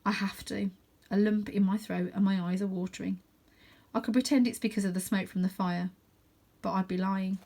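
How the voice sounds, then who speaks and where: A woman reads a children's novel aloud, narrating in the first person at a calm, steady pace. Her voice sits at an ordinary middle pitch. The reading is even and unhurried. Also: gravelly. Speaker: storybook reader.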